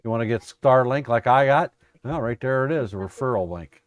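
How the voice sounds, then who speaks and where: A trading coach with a medium-pitched, fairly quick voice hosts a casual trading live stream, joking with and teasing his viewers.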